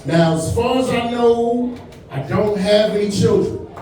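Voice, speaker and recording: A man's voice: high-pitched, a little slow, a crowd in the background. Laid-back man in his forties, echoey club. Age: 40s. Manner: laid-back, conversational delivery with frequent "man" and "you know what I'm saying". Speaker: stand-up comedian. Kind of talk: stand-up comedy set. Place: comedy club stage. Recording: echoey club sound from far off.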